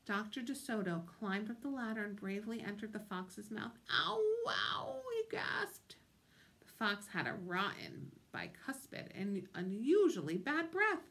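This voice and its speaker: A woman's voice: medium pitch, sing-song, unhurried, fairly bright tone. A woman reading a picture book aloud with expression, stopping to ask her listeners questions. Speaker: storytime reader.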